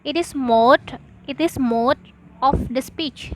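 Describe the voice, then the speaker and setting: This rough recording, with slight background noise, captures a high-pitched young adult woman, a student, carefully reading a class presentation at a slow pace, item by item like a list.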